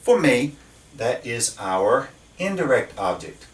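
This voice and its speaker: A man's voice: mid-range voice, big pitch swings, slow. A man teaching a grammar lesson at a whiteboard, explaining patiently and asking his students questions. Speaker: Spanish teacher. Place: classroom. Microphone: camera across the room. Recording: echoey room from a distance.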